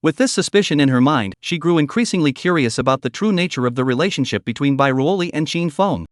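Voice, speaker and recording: Lively dry-voiced male recap narrator. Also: fairly high pitch, quick pace, dry recording.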